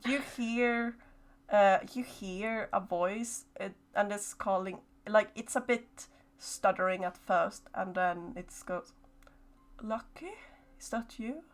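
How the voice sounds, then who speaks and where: A woman narrating a horror tabletop game as game master, slow and hesitant with many fillers. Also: mid-range voice, fairly even intonation.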